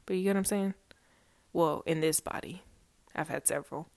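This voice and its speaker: A young woman talks straight to her followers in a slightly low voice, rambling, swearing freely and laughing between thoughts. She sounds emotional and close to tears. The recording is dry and close, with no room sound. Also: moderate pace, gravelly, darkish tone, no echo. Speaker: vlogger. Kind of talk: casual chat to followers.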